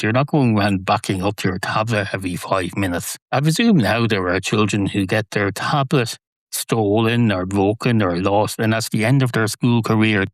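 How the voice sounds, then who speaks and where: A man hosting a solo podcast, rambling through deadpan absurd humor. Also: on the low side, no echo. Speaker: podcast host. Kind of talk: comedic solo monologue.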